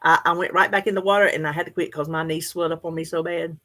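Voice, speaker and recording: A woman's voice: deep voice, fairly even intonation, quick pace, fairly bright tone. A middle-aged woman, chatting casually with her viewers and laughing often as she answers their comments. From United States. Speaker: livestream host.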